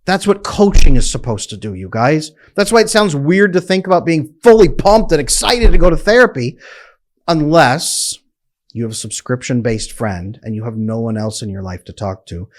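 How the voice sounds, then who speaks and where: Man, relationship coach, emphatic, direct, persuasive, mid-pitched voice. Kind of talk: direct-to-camera monologue.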